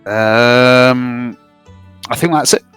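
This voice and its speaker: A man's voice: medium pitch, very slow, a bit bright, clean tone, soft background music. A man playing a tabletop game, explaining his character in casual chat. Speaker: player.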